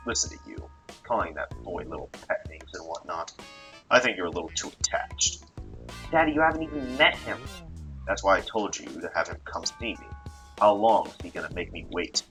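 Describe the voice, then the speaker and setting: A gruff, muscular-sounding middle-aged father, firm and flat and openly threatening, as a man puts him on. His voice sits low yet rings bright and forceful. It comes from a visual novel read aloud. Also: moderate pace, faint music behind. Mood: grumbling.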